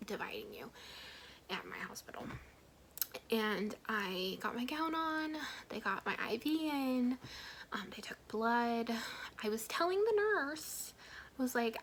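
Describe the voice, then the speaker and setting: A young woman, a mom vlogger, telling her own story to camera in a soft, half-whispered, candid way, with many ums and likes. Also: a little high, slight background noise, rough recording.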